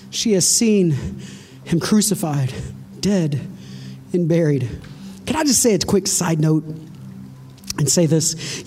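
A woman's voice: fairly low pitch, darkish tone. A woman preaching a sermon to her congregation, retelling a story dramatically with rhetorical questions and direct address.

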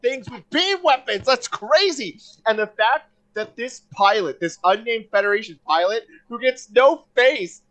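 A man in casual podcast chat, excitable and rambling, swearing often with lots of fillers. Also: very high voice, measured pace, hardly any pauses, muffled recording.

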